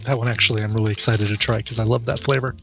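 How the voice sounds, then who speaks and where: A man co-hosting a podcast in casual chat, agreeable and quick to chuckle. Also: lowish voice, fairly even intonation, vocal fry, a bit bright, faint music behind. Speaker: podcast co-host.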